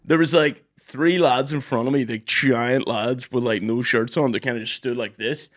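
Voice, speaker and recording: A young man, co-hosting a podcast in a studio and telling stories in lively casual chat, swearing freely. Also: mid-range voice, normal speed, dry recording. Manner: animated storyteller, swears freely, does loud voices. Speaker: podcast co-host.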